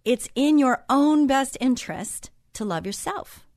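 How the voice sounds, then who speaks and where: A woman's voice: high-pitched, lively intonation, a little slow, a little mellow, dry recording, studio quality. Chatty, encouraging woman hosting a faith show. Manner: chatty, encouraging, wanders off into personal stories. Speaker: host. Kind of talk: Christian talk show monologue.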